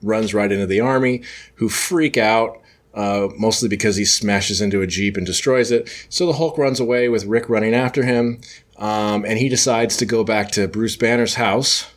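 A low-voiced man hosting a podcast retells a comic book plot in casual chat. He rambles, trails off and corrects himself, leaning on fillers. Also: moderate pace. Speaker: podcast host.

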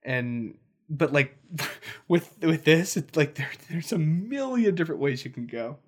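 A man co-hosting a casual tabletop game podcast, talking in an animated, rambling way and laughing often. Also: fairly high pitch, unhurried. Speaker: podcast co-host. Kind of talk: casual chat about tabletop games.

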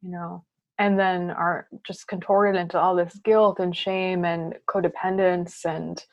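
Brief: woman interview guest, low voice, earnest and reflective, casual phrasing. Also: flat delivery, measured pace, dull audio. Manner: earnest, reflective, leaning on "you know" and "I mean".

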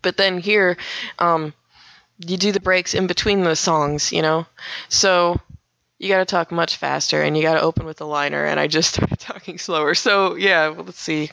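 Giggly chatty woman with a gravelly edge. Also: on the low side, steady tone, moderate pace, a bit bright, dry recording. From northern Minnesota. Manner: giggly, chatty, acts out radio voices. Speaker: radio DJ and podcast guest. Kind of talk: casual interview chat.

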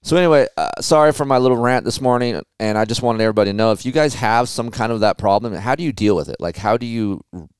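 A man in his forties hosting a podcast, telling stories in a casual, animated way with plenty of swearing. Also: mid-range voice, fast talker, few pauses, smooth, no echo. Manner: animated storytelling with profanity. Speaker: podcast host. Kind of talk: casual chat.

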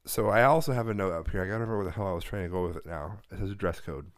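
A man with a fairly low voice rants and swears his way through a casual podcast chat. The recording is dry and close, with no room sound at all. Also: racing, dry recording. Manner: profane, ranting. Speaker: podcast co-host.

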